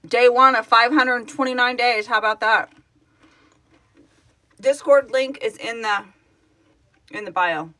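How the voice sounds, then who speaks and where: Hosting a casual live stream, a woman who founded a fan project answers viewer comments in an excitable, gushing manner and laughs often. Her voice sits fairly high, and she speaks unhurriedly with frequent pauses.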